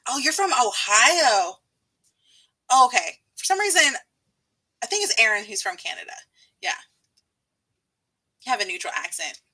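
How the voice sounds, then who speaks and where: Giggly Texan woman in her thirties, bright and fairly high, chatty livestream host. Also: very animated, normal speed, long pauses, husky. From Texas. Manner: giggly, chatty, frequent laughter. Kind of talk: casual live-stream chat.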